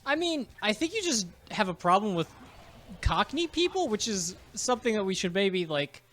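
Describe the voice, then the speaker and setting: A man's voice: high voice, sing-song, moderate pace, sharp tone, a little hiss or hum. A young man chatting casually while playing a video game, swearing often and teasing his friends. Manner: swears a lot, jokey and teasing.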